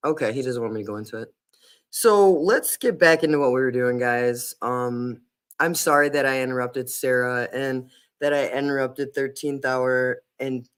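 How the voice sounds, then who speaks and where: A man's voice: mid-range voice, clear, resonant tone. A man hosting a casual livestream chat, talking earnestly and hesitantly with many fillers and restarts. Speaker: livestream host.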